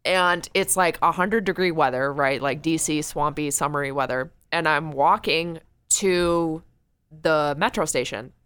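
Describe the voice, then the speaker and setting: A woman's voice: sits low, a little slow, smooth. A young American woman, a podcast guest, telling a story animatedly with lots of "like" and frequent laughter. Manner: animated storyteller, laughs often, says "like" a lot. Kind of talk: casual interview chat.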